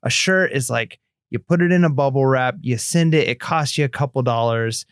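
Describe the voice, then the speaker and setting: A man's voice: mid-range voice, moderate pace, clear, resonant tone, no room sound, clean studio sound. A man co-hosting a casual podcast, chatting and reading listener messages aloud in an encouraging way. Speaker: podcast co-host.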